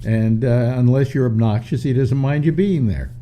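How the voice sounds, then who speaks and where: An older man hosting a call-in talk show, chatting casually with a stuffy nose and many halting restarts. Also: medium pitch, mellow, slight background noise. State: stuffy nose, slightly short of breath. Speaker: radio talk show host. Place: home studio in New York.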